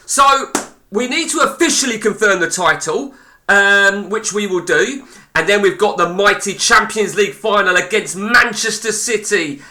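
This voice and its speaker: A man's voice: sits high, sharp tone. A man streaming live, giving blunt, sweary, rambling commentary on a football management game.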